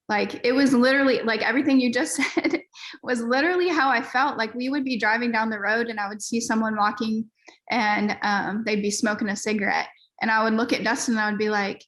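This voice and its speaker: A woman's voice: on the high side, steady tone, a little fast, fairly bright tone. A woman pastor, a guest on a podcast, telling her story in a candid, earnest, casual way with frequent fillers.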